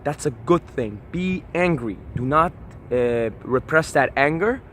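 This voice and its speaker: A man's voice: medium pitch, lively intonation, measured pace, a bit bright, a little hiss or hum. A man vlogging in a casual motivational monologue, passionate and profane, often asking "right?".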